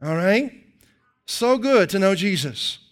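A middle-aged man preaching a sermon as pastor, conversational and animated, tossing out rhetorical questions. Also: high voice, slow pace.

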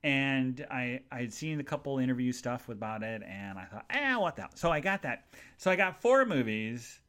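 A man's voice: mid-range voice, animated, normal speed, a bit bright, smooth. A man hosting a casual solo podcast, telling everyday stories in a chatty way with funny asides. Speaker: podcast host.

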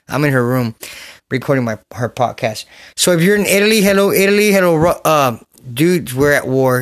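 Casual male podcast host, high voice, rambling and jokey, phone recording at home. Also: lively intonation, a little fast. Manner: loose, rambling, jokey, with sudden shouts. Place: a bedroom at home.

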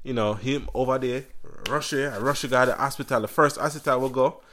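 A man co-hosting a podcast, telling a story in casual chat, animated and slangy, often laughing and acting out quotes. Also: medium pitch, fast talker. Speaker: podcast co-host.

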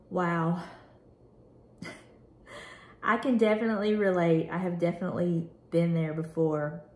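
A woman's voice: lowish voice, steady tone, unhurried, pauses often, roomy sound. A woman vlogger reading a devotional prayer aloud and reflecting on it in an earnest, candid, conversational way.

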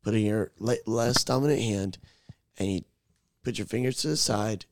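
A man's voice: lowish voice, normal speed. A young man co-hosting a podcast, telling a rowdy, profane story in a casual chat. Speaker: podcast co-host.

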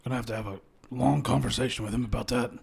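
A man playing a tabletop game in character, casual and quick with playful protests. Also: mid-range voice, steady tone, creaky, breathy edge. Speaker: player.

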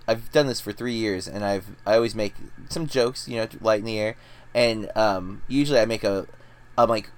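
A man's voice: fairly low pitch, clean tone. A man in his thirties, a podcast co-host telling rambling, self-deprecating stories in casual chat.

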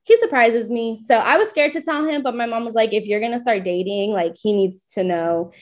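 Speaking briskly in a slightly high voice, this young woman is a guest recounting how she came out. The chat is casual and her storytelling lively: she plays out other people's lines and laughs a lot.

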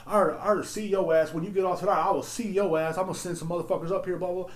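A man's voice: high-pitched, fairly even intonation, fast talker, voice pushed up, close to an everyday voice. A man putting on a furious cursing woman customer. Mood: threatening. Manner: cursing, menacing. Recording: roomy echo.

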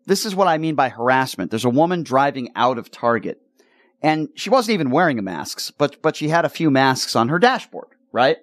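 A man's voice: mid-range voice, no echo, clean studio sound. A man hosting a talk radio show who delivers an opinionated, indignant commentary and stumbles over repeated words as he gets worked up.

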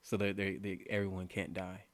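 A young man co-hosting a casual podcast, animated, often stammering and repeating words as he talks. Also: low-pitched, brisk. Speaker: podcast co-host.

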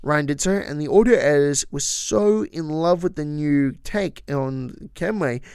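A man's voice: a little high, a little slow, a little mellow, clean tone, dry recording, clean studio sound. A man hosting a podcast, talking casually and with opinions about trivia, with frequent asides. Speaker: podcast host.

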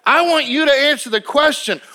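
A man's voice: very high-pitched, a little fast, sharp tone. A male pastor preaching a sermon in an emphatic, conversational way, often restarting his sentences.

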